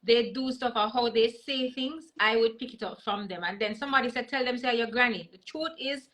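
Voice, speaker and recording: A Jamaican woman comedian, her voice on the high side, brisk and a bit bright, tells stories during a casual video-call interview. She moves between patois and English, and the recording quality is low.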